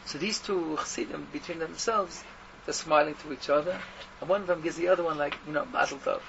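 Man, storyteller, rambling and repetitive, high-pitched, hissy background. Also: brisk, vocal fry. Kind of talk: telling a Hasidic tale, mixing Yiddish. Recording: dull recording with steady noise.

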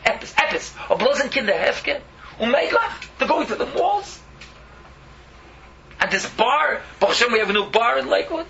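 A man's voice: very high voice, very animated, moderate pace, vocal fry, dull audio, noisy background. A man preaching an impassioned sermon, pleading and fiery, weaving Yiddish and Hebrew words into his English.

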